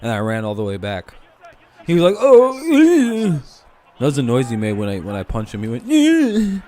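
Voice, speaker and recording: A man's voice: fairly low pitch, quick pace, a little mellow, slight background noise. A young adult man hosting a live stream, chatting casually and reacting play by play with loose, profane jokes.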